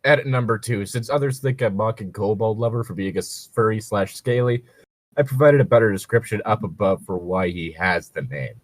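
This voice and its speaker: A man's voice: on the low side, animated, fairly quick, dry recording. A man reading a first-person story post aloud on a casual podcast, playful and prone to laughing fits. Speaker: co-host reading stories.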